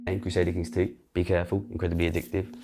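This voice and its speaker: A man's voice: low voice, level tone, racing. A man in his thirties telling his own story candidly, rambling and self-deprecating, with casual swearing. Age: 30s. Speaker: interview guest in a played clip. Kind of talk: candid recollection.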